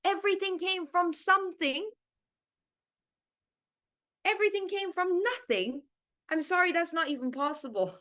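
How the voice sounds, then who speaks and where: A woman's voice: extremely high pitch, moderate pace, long pauses, pushed and bright, voice pushed up. A woman performing a monologue as a dry, tongue-in-cheek woman who lectures others about faith. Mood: indignant. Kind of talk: monologue reading.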